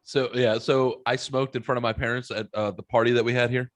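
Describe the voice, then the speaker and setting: A man's voice: medium pitch, level tone, a little fast, no echo. A man hosting a podcast, telling rambling stories in casual chat and swearing freely. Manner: rambling, profane storyteller. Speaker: podcast host.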